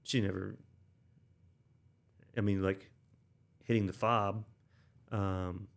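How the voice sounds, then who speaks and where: A man's voice: low voice, little pitch movement, takes it slowly, creaky. A man in his thirties, an Army veteran and interview guest, telling stories in a rambling casual way full of fillers and restarts. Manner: rambling, many fillers and restarts, acts out quoted dialogue.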